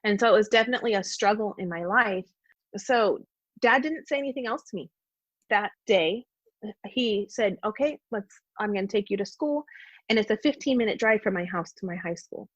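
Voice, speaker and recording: Woman guest, husky, heartfelt testimony, dull dry podcast sound. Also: medium pitch, moderate pace, no echo. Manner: earnest, heartfelt storytelling. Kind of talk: personal testimony in conversation.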